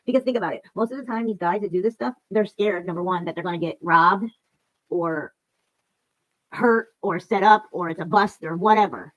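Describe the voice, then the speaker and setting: A woman in her forties with a lowish voice hosts a livestream, ranting briskly in a casual, rambling, profane way. Upset and emotional, she repeats herself, and the recording quality is poor.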